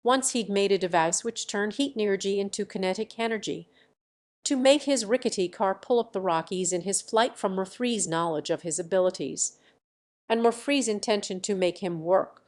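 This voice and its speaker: Woman reading a novel aloud, middle pitch. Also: moderate pace. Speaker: audiobook narrator. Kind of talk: scripted narration.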